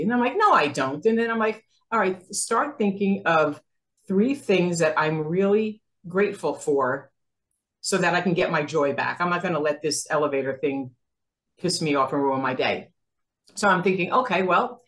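A woman in her sixties from New Jersey, telling a story as a guest in a casual interview and acting out the dialogue, laughing often. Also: fairly low pitch. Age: 60s. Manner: animated, acts out quoted dialogue, laughs often.

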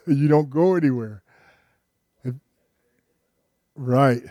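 A man's voice: medium pitch, extremely slow, dark tone, no echo, studio quality. An older man preaching a sermon with emphasis, often putting questions to his congregation. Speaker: pastor.

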